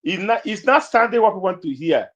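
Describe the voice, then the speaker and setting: A man's voice: high voice, big pitch swings, brisk, a bit bright. A Nigerian man in a casual political chat in Pidgin and English, conversational and pushing back with questions. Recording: dull lo-fi sound.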